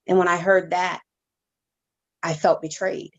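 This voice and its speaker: A woman reverend shares her testimony as an interview guest, her voice gravelly and a touch low. She speaks in a halting, heartfelt way, often restarting her sentences. The recording is dull and lo-fi. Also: level tone. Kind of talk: emotional personal testimony.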